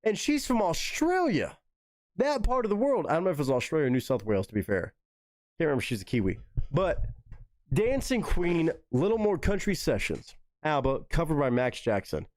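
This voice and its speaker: A live stream host reacts to a song, swearing freely and enthusiastically while chatting with viewers. His voice sits on the high side for a man, with a sing-song, slightly mellow quality, at a moderate pace and with no echo.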